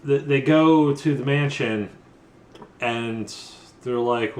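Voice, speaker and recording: Tipsy male comic vlogger, rambling and profane, mid-pitched, echoey room with faint background noise. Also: a little mellow. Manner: rambling, profane, drops into quick mock voices for characters. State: tipsy from drinking. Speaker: comedy vlogger retelling a game plot. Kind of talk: loose comedic plot recap.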